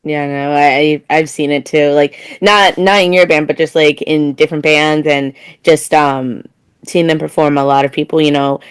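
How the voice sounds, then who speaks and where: Chatty woman co-host, lowish voice. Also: fairly even intonation, moderate pace, smooth. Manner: supportive, chatty, many "like" fillers. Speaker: podcast co-host. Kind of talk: casual podcast conversation.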